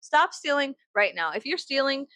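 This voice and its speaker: A woman in her thirties from the United States, vlogging at home while she gets ready, rambling and swearing, mocking herself and breaking into loud laughs. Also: sits high, sing-song, moderate pace, no echo. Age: 30s. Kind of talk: casual get-ready-with-me chat.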